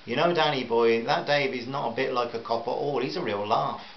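A man's voice: medium pitch, fairly quick, close to an everyday voice. A man voicing a cheeky, teasing Northern Irish wife with a lilting voice, in a roomy, slightly dull recording with faint hiss.

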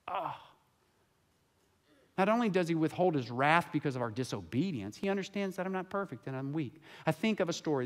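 An impassioned male pastor delivering a sermon in a church sanctuary, his voice sitting a little higher than most men's. He moves between near-whispered stretches and loud, ringing passages as he preaches.

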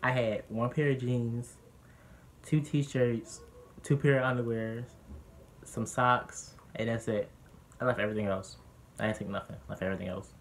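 A young man vlogging, candidly telling a personal story in a lively, animated way that gets heated when he quotes others. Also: mid-range voice, moderate pace, slight background noise.

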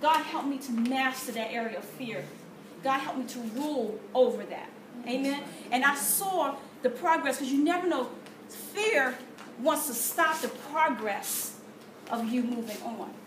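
Woman with a high voice sharing an animated testimony, recorded from far off in a roomy space. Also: measured pace. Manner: animated storytelling with gasps and quoted prayers. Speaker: testimony speaker. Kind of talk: church testimony. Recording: echoey room from far off with noise.

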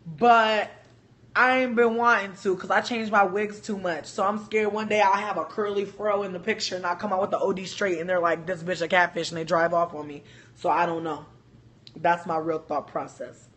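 A woman telling a story on a casual livestream, animated, joking and profane. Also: on the low side, moderate pace. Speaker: livestream host.

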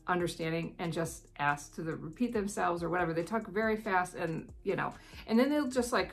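Chatty American woman, low voice. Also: fairly bright tone. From United States. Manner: chatty, rambling, laughs often. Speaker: vlogger. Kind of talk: casual advice vlog.

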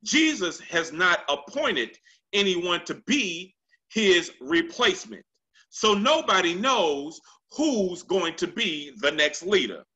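An American pastor preaches a Sunday sermon in a church sanctuary on a handheld microphone, his high voice expressive, pushed and bright. He repeats lines for emphasis and stretches scripture quotes into a drawn-out, swooping delivery. The recording is rough.

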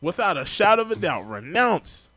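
A man's voice: high-pitched, sing-song, moderate pace, pushed and bright. A man, heatedly ranting and swearing through casual podcast commentary. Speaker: podcast co-host.

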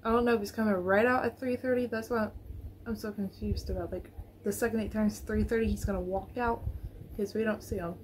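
A woman's voice: mid-range voice, fairly even intonation, fairly quick, a little hiss or hum. A woman vlogger chatting to viewers in a casual reaction video, nervous and rambling, recorded on her phone.

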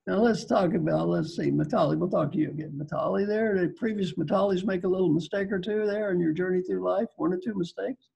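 Older male guest speaker from Kentucky, gravelly and raspy, dark tone, playful folksy delivery, video call. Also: sits high, brisk, few pauses, poor audio. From Kentucky, United States. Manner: playful, teasing, repeats phrases for effect. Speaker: guest speaker, executive coach. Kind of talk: folksy storytelling talk.

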